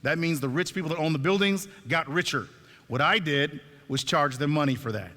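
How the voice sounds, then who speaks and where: A man giving a stage talk, telling a story in an animated way and acting out the dialogue, in a reverberant hall. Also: on the high side, brisk. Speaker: speaker at a talk.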